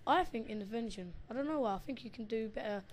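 A woman talks through her match live, her voice a little higher than most. She swings from chatty asides to shouting and swearing whenever the action turns. A light hiss sits under the recording. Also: fast talker. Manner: excitable, swears, shouts at the game. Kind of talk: live gameplay commentary.

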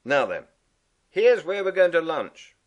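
A cheerful, bossy male water rat chatters along in a brisk, fussy manner, as a man puts him on. His voice sits raised and lively, a storybook creature fond of his own opinions. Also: fairly high pitch, pitched above the performer's own voice. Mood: chatty. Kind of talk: storybook reading.

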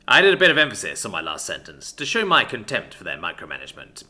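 Man narrating, scripted audiobook, dry sardonic asides, lively pitch. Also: fast talker, few pauses. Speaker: story narrator.

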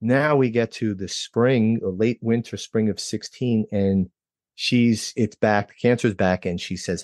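A middle-aged man from New Jersey, a guest telling his own story in a lively way and acting out quoted dialogue with jumps in pitch. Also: unhurried, dry recording, clean studio sound. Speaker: interview guest. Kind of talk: personal storytelling.

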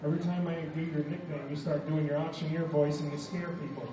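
Man, joking emcee, announcer build-ups, distant, lo-fi muffled phone video, loud room noise. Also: on the high side, little pitch movement, fast, heavy reverb. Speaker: event emcee and colour commentator. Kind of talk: comic emcee banter at a live event. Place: large echoey event hall with guests.

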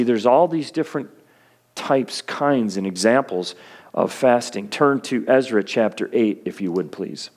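A man's voice: medium pitch, expressive, measured pace, darkish tone. A male pastor preaching a sermon in an earnest, encouraging way, with homely humorous asides to his congregation.

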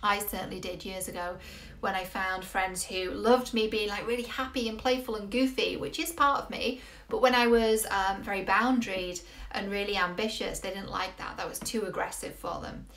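A woman's voice: mid-range voice, fairly even intonation, normal speed, a bit bright. A woman, coaching viewers earnestly and asking many rhetorical questions. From England. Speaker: relationship coach. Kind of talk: motivational video talk. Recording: roomy echo.

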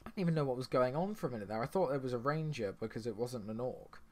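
This gaming channel host is a young man talking fast in a mid-range, slightly mellow voice with lively intonation. He rambles chattily through casual commentary on the game he's playing, breaking into sudden surprised outbursts.

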